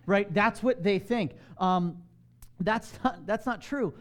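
A man's voice: high voice, takes it slowly, fairly bright tone. A man preaching a sermon in a conversational way, asking his congregation questions. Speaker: pastor.

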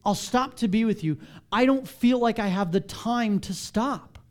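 A man's voice: sits high, a little slow. A man, a pastor with children, giving a candid, self-deprecating, conversational sermon.

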